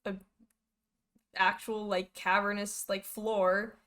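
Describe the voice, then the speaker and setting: Bright-voiced woman game master. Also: mid-range voice. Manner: lively, halting with fillers. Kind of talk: narrating a tabletop game.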